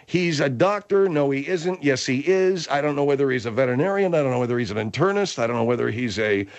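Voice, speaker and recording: A man hosting a comic talk radio show, talking in an exasperated, halting way. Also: medium pitch, expressive.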